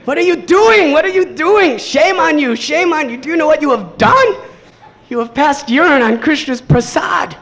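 A man's voice: fairly high pitch, a little slow, a little mellow, natural voice. A man voicing an indignant, proper male devotee scholar who scolds in a raised voice while retelling a sacred story. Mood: outraged.

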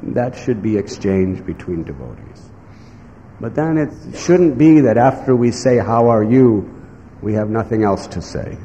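Man, devotional sermon, gravelly, slow emphatic phrasing, echoey hall, faint noise. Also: fairly low pitch, sing-song, dark tone, highs cut off. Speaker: spiritual teacher.

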